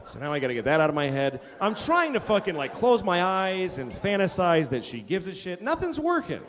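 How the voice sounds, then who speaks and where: Profane man doing stand-up, lively pitch. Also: a little fast. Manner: profane, exasperated storytelling. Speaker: stand-up comedian. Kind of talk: stand-up comedy routine. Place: comedy venue on stage. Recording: reverberant club with loud crowd laughter.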